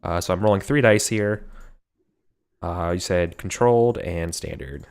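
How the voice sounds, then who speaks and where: A man's voice: low-pitched, unhurried, smooth. A man with a Californian accent, playing in a tabletop game and talking casually, with lots of restarts and laughs. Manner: rambling, restarts, laughs a lot. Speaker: player.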